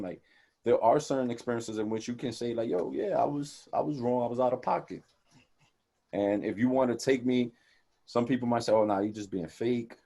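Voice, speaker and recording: A young man co-hosting a casual podcast, talking in animated, profane street slang and acting out quoted conversations. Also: on the low side. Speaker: podcast co-host.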